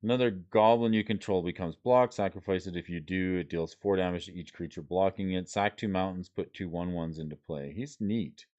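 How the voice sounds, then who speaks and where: A man's voice: low-pitched, a little fast, few pauses, darkish tone, lo-fi sound. A man streaming casually, reading card names and rules aloud and chatting with his viewers. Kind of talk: casual livestream chat while sorting cards.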